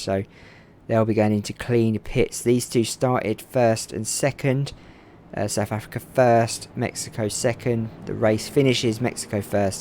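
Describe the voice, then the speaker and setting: A man narrates a racing game's final laps from his home setup, growing more and more excitable as the lead changes hands. His voice has a gravelly, fry-touched texture, and faint hiss and car sounds sit behind him. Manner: excitable, voice climbing high at close moments. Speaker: game commentator. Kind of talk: excited race commentary over gameplay.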